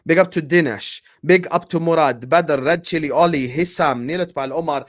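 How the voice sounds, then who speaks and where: A man's voice: on the high side, moderate pace. Fired-up man hosting a fan livestream. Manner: passionate, fired-up, shouting out viewers; repeats and restarts words when worked up. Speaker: football fan channel host. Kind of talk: casual livestream rant.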